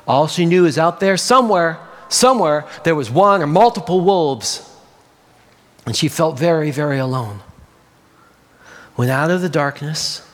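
A man telling a children's story as a sermon, animated and playful, adding sound effects. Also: high-pitched, unhurried, big-room sound.

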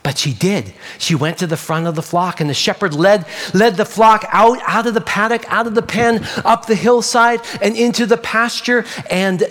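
Brief: pastor storytelling to kids, animated and playful, higher-pitched male voice. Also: normal speed, hardly any pauses, long reverb tail. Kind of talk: children's sermon storytelling.

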